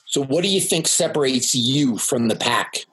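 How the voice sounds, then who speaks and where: Host: mid-pitched man, husky, enthusiastic, a little halting. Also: animated, a bit bright, poor audio. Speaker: podcast host. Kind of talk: casual interview questions.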